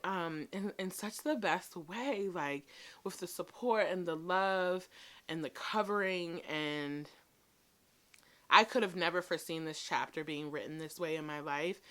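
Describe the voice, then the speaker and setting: A woman's voice: fairly low pitch, a bit bright. A woman in her thirties chatting casually to camera as a beauty vlogger, emotional and full of ums and likes.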